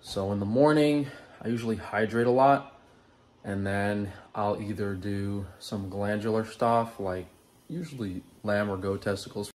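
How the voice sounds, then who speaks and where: Low-voiced man explaining his diet routine. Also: a little slow, a little mellow. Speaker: diet vlogger in the reacted clip. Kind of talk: casual vlog.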